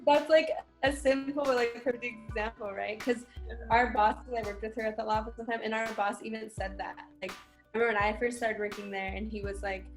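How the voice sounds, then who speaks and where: A woman's voice: on the high side, steady tone, brisk, faint music behind. A young woman co-hosting a podcast, telling stories casually and laughing often. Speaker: podcast co-host. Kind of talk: casual storytelling chat.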